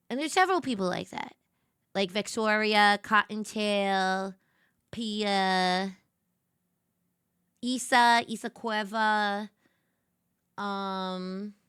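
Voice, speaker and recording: A woman VTuber streamer in casual late-night chat. She gushes bubbly, with sudden squeals and soft whispers. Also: medium pitch, clean tone, dry recording, clean studio sound.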